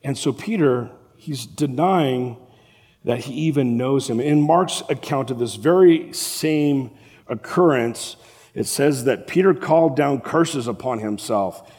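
A man preaching a sermon as a pastor, animated and acting out the voices of the people in the story. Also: mid-range voice, a little slow. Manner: animated, acts out the quoted voices. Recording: long reverb of a large hall.

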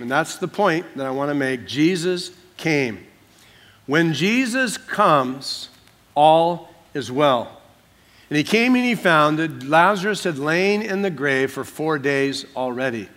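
Man preaching with dramatic swells. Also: fairly high pitch. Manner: dramatic, shifts between soft hushed asides and loud emphatic drawn-out declarations. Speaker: pastor. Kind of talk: sermon.

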